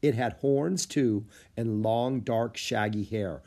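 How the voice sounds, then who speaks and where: A man narrating a children's book with lively storytelling. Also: mid-range voice, slow pace. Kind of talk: audiobook reading of a children's book.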